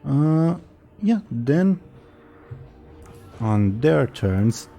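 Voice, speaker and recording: A man's voice: medium pitch, very animated, drawn-out words, creaky, dark tone, soft background music. A man running a tabletop game as game master, narrating with hesitant fillers.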